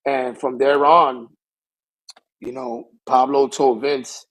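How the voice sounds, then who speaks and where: A man's voice: medium pitch, very animated, takes it slowly, vocal fry, fairly bright tone, low-quality recording. A young man, a pro wrestler guest, telling a rambling story in casual talk and circling back with the same stock phrase.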